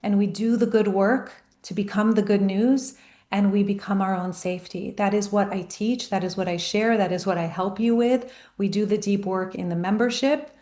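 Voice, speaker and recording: A woman life coach speaks in an emphatic, storytelling way, stretching out her key phrases. Her pitch sits in the middle, and the room around her rings with echo. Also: fairly even intonation, moderate pace, mellow. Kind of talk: motivational talk to camera.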